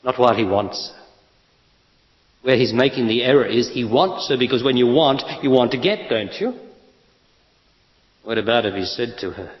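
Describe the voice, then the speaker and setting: A man speaks bluntly and with emphasis, driving a spiritual talk with rhetorical questions. His voice sits at an ordinary middle pitch. The recording is dull and lo-fi, with a long hall reverb trailing behind him. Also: moderate pace, pauses often. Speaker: spiritual teacher. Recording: lo-fi echoey hall.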